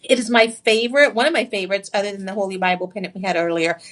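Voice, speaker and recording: A woman presenting jewelry on live TV shopping, excitable and chatty, confiding personal stories and throwing sassy asides to viewers. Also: medium pitch, rapid-fire. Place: TV shopping studio.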